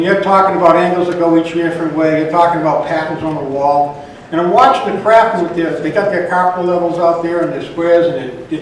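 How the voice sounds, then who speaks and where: A man giving an informal, plainspoken speech to an audience, halting and restarting as he goes. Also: a little high, a little hiss or hum. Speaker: speaker at worker reception. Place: large echoey reception hall. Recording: echoey hall, mic from far off.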